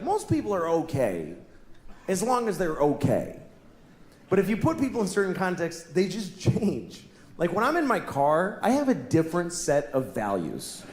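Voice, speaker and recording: A stand-up comedian ranting with exasperation, his voice high and swinging all over. He works from a stage in an echoey venue, with audience noise loud behind him. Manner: exasperated, building to shouted rants. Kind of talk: stand-up routine.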